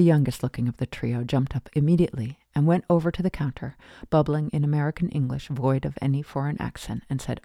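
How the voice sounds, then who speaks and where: Female storybook narrator, measured delivery, deep and dark timbre. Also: steady tone, vocal fry, no echo, studio quality.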